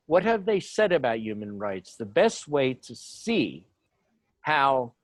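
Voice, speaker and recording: A man's voice: mid-range voice, dry recording. A man speaking on an online panel about human rights, giving an informal lecture full of fillers, asides and restarts. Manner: rambling, many fillers and asides.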